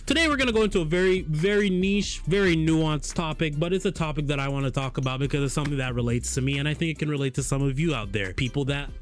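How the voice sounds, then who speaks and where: A man talking casually to camera as a vlogger, animated and joking in slang. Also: a little high, quick pace, hardly any pauses, faint music behind. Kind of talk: casual vlog monologue.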